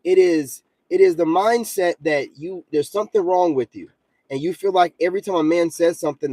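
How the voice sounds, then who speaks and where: A man's voice: fairly high pitch, warm tone, husky, no room sound. A man, ranting bluntly and confrontationally in casual talk, peppered with repeated filler asides. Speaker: commentator vlogger. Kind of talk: casual rant to camera.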